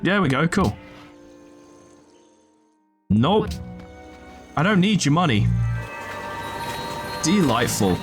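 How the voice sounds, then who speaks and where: A man's voice: a little high, big pitch swings, slow pace, pauses often, soft background music. A man casually commentating his strategy game playthrough, joking, swearing, and chatting to his units. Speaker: gaming video host. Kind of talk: casual let's play commentary.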